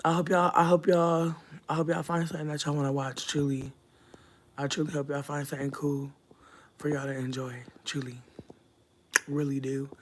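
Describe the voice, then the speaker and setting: A young adult livestreamer chatting casually with viewers, telling profane stories with sudden loud, high outbursts and soft, near-whispered asides. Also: level tone, moderate pace, a little hiss or hum. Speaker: livestreamer reading chat.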